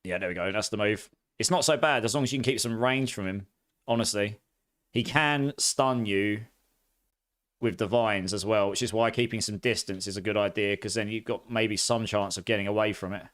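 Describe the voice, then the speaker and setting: Man, Essex accent with some posh, streamer, live gameplay commentary, chatty, laughs a lot, excitable. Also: lowish voice, normal speed. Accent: Essex mixed with a bit of posh English. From near London, England.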